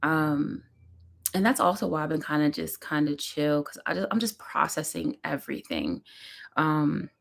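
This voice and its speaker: A woman's voice: low-pitched, expressive, moderate pace, gravelly. A woman, a mother and vlogger, talking candidly and emotionally at home on a casual live stream, rambling with lots of fillers.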